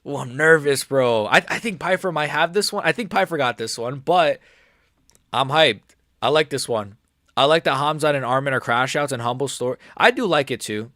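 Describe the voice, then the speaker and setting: A young man chatting casually during a live stream, excitable and rambling, and he keeps repeating how nervous he is. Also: medium pitch, normal speed, no echo, studio quality. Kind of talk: live watch-along chat.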